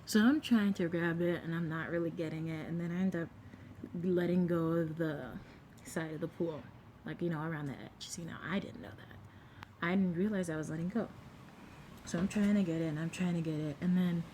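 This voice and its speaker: Animated young woman telling a storytime. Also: on the low side, moderate pace, slight background noise. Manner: animated, acts out quotes, drops to a whisper at times. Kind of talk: casual storytime.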